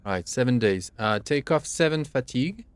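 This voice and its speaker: A man running a tabletop game as game master over an online call, narrating haltingly with many fillers. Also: medium pitch, expressive, clear, resonant tone, no echo.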